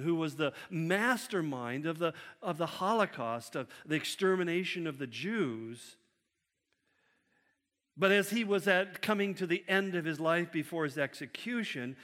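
A man preaching a sermon, with an animated delivery that acts out quotes by shifting his pitch and loudness. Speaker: pastor. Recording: long hall reverb.

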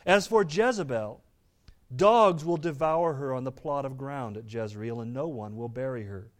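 A man preaching a sermon, reading scripture aloud and explaining it, turning dramatic and loud on the quoted speech. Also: medium pitch, normal speed.

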